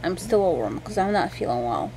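A woman's voice: lowish voice, sing-song, quick pace, warm tone, slight background noise, rough recording. A tired woman talking casually to her viewers at home about her sick baby, rambling and chatty. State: tired, unwell. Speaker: vlogger mother. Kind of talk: casual home vlog chat. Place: home at night.

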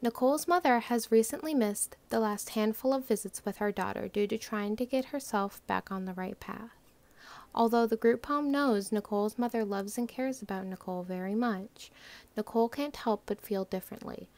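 A young woman narrating and playing a caring group home worker, calm and patient, in a student role-play scene. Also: a little high, normal speed. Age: young adult. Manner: calm, gentle, patient questioning.

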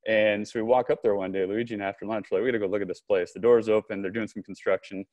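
A man, a podcast guest and company co-founder, telling a long story in an animated conversational way, acting out remembered dialogue. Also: lowish voice, very fast, no echo, highs cut off. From Southern California. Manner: animated storyteller, frequent restarts and quoted dialogue.

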